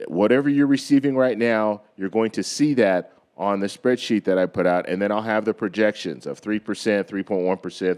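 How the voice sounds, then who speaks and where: Man, low voice, losing his voice, casual explainer host, repeats phrases, says "okay?" a lot. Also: darkish tone. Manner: repeats himself, frequent "okay?" check-ins. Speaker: host of a finance video channel. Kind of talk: casual explainer talk to camera.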